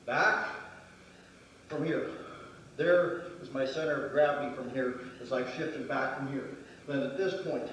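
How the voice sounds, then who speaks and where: A man's voice: a little high, slight background noise. A male martial arts instructor explaining moves step by step during a demonstration lesson, counting out the movements. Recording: very echoey room from far off.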